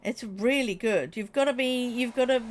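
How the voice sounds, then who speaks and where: A woman's voice: a little high, moderate pace, slight background noise. Chatty woman live-streaming. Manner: chatty and animated, laughing, talking straight to chat. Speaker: Twitch streamer. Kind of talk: casual live-stream chat with viewers.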